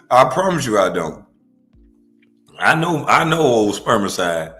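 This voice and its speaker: A man's voice: mid-range voice, sing-song, slow, sharp tone, soft background music. Brash trash-talking man host. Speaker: livestream host. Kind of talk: profane comedic reaction stream.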